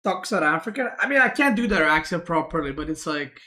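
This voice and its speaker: Man, game streamer, relaxed chat with viewers, bright tone, desk mic. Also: a little high, a little fast, hardly any pauses. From Serbia. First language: Serbian. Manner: relaxed, answers chat questions aloud.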